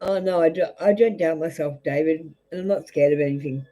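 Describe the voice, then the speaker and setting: A woman's voice: sits low, fairly quick, dark tone, poor audio. An Australian woman giving a live tarot reading to viewers, blunt and rambling, with many fillers and restarts. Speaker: tarot reader.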